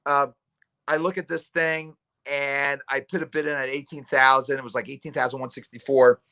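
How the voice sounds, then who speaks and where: A middle-aged man hosting a casual chat, rambling through animated stories and acting out voices. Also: mid-range voice, normal speed. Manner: rambling, animated storyteller who acts out voices. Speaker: talk show host.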